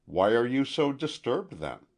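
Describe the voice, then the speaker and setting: Man doing a nosy middle-aged landlady, blunt, prying, a bit higher, audiobook. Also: big pitch swings, a little slow, darkish tone.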